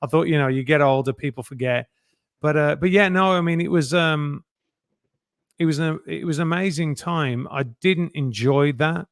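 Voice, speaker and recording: A middle-aged man, a guest telling lively anecdotes and acting out other people's lines in a casual interview. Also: a little high, normal speed, no echo, clean studio sound. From England.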